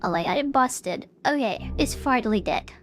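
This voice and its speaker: Woman streamer, high and bouncy pitch, casual play-by-play gaming chatter. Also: expressive, moderate pace, a little hiss or hum. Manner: chatty, filler-heavy, talks to chat.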